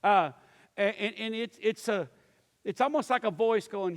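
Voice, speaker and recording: A man in his fifties with a high voice and a drawl, delivering a folksy sermon to a church. He tells stories and acts out the people in them with lively voices. His voice rings with a long reverb in a large sanctuary. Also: moderate pace. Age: 50s. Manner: folksy storytelling with animated acted-out quotes. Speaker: pastor.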